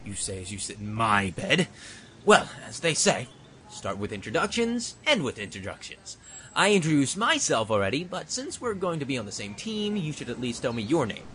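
A man's voice: mid-range voice, big pitch swings, moderate pace, sharp tone, a little hiss or hum. A man voicing a laid-back, teasing young man in a fan audio drama. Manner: teasing, breezy, swings up and down.

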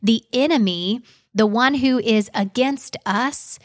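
A woman teaching a podcast Bible study, reading scripture aloud in an earnest, measured way. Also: a little high.

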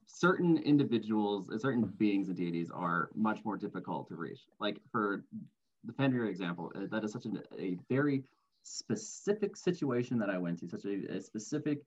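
A man's voice: lowish voice, expressive, normal speed, muffled recording. A man co-hosting a casual podcast, rambling with many fillers and restarts. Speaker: podcast co-host.

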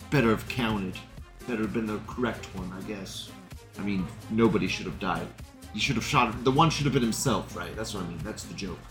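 A male host talks casually through forum threads with crude, sarcastic remarks. His voice is bright and a little high, with faint music underneath.

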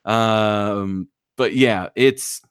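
A man co-hosting a casual podcast, telling wild stories with swearing and lively emphasis. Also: on the low side, very slow, clean tone, dry recording, clean studio sound. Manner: profane, animated storyteller. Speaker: podcast co-host. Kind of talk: casual chat, storytelling.

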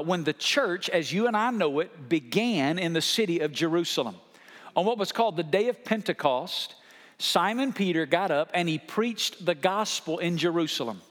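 A man preaching a sermon as pastor, asking the congregation to say key words out loud with him. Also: fairly high pitch. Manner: preacher prompting the congregation to repeat words aloud. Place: church sanctuary. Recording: long hall reverb.

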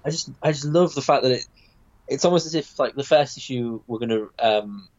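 A man's voice: medium pitch, a little fast, highs cut off. A man chatting casually about a comic book, rambling with many fillers and restarts.

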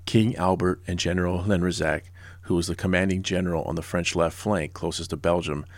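Brief: a low-voiced man in his forties, a history podcast host, blunt and sarcastic, in a dry, close recording. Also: fairly even intonation, brisk, no echo. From Southern California. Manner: sarcastic and blunt, with casual personal asides.

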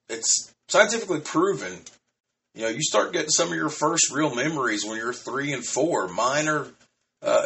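A man's voice: mid-range voice, gravelly, pushed and bright. A man in his thirties hosting a solo podcast, rambling loosely and swearing now and then. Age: 30s. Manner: rambling, loose and profane, with frequent restarts. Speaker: podcast host.

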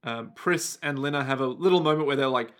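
A man's voice: medium pitch, a little fast, a bit bright. A man co-hosting a podcast, recapping an anime episode in casual chat, sarcastic and swearing freely. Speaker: podcast co-host.

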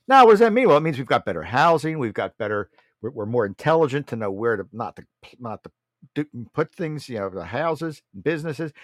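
A man's voice: medium pitch, dry recording, studio quality. A man hosting a political talk show, delivering a blunt, mocking monologue and often calling his listeners folks.

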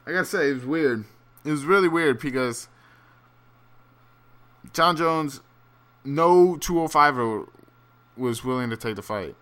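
A man's voice: on the high side, animated, a little slow, long pauses, fairly bright tone. A man rambling through a casual, profane solo monologue with many fillers and restarts, turning incredulous and ranting at times. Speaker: solo fight commentator.

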